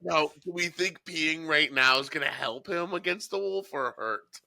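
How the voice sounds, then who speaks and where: Excitable gravelly-voiced young man. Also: a little high, moderate pace. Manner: excitable, joking, laughs a lot. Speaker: player. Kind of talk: casual tabletop game chat.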